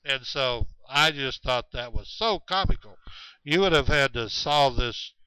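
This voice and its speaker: A man telling a long story about hunters in the woods, halting often with fillers and restarts. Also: medium pitch, animated, sharp tone, clear, resonant tone, dry recording. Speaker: storyteller of Bigfoot encounters. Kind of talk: rambling spoken storytelling. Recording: dull, muffled recording.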